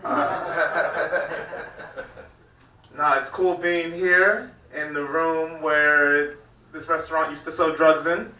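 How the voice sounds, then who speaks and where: A man's voice: a little high, flat delivery, extremely slow, pauses often, pushed and bright. A man from Virginia doing a stand-up comedy set, rambling loosely and laughing at his own jokes on a club stage. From Virginia, United States. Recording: echoey club room from far off.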